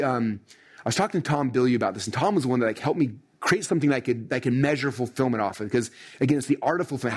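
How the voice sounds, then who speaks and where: A middle-aged man with a husky voice delivers a motivational training talk to a live audience. He speaks at a rapid clip and keeps the energy up. His speech is full of "right?" and "like". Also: medium pitch, darkish tone. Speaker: success coach.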